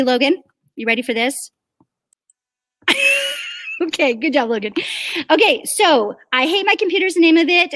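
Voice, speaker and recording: A woman's voice: high-pitched, fairly bright tone, dry recording. A woman hosting an improv game, cheerful and laughing as she calls out players' names. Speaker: improv host.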